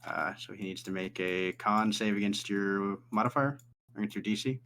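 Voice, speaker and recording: A male game master narrating a tabletop game in an easygoing, casual way. His voice sits somewhat low. He describes the scene steadily for the players. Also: normal speed, fairly bright tone, a little hiss or hum.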